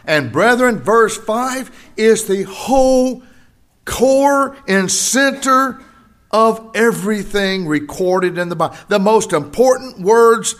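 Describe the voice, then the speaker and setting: An older man preaching a sermon to his congregation, swinging between rising emphasis and quiet personal stories. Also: sits high. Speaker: pastor.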